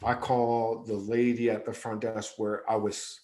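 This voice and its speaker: A man's voice: lowish voice, flat delivery, normal speed, dark tone. A man co-hosting a podcast, telling a personal story in loose everyday speech and acting out the lines of the people in it. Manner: loose, conversational, acts out quoted dialogue, repeats "yada, yada". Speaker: podcast co-host. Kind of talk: personal storytelling in casual chat.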